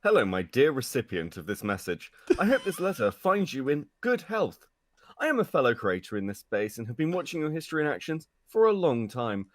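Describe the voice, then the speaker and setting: A man putting on a posh British accent to voice a formal, stiff gentleman reading a letter aloud. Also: medium pitch, big pitch swings, brisk, no room sound, voice pushed up, lightly acted. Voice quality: stiff and formal, breaks into laughs.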